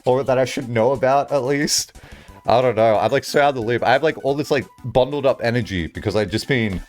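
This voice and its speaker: A man livestreaming, chatting casually with his viewers in a lively, rambling way, swearing freely and filling his talk with "like". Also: medium pitch, fairly quick, faint music behind. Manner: animated, chatty, swears casually, many "like" fillers. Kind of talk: casual livestream chat, answering chat.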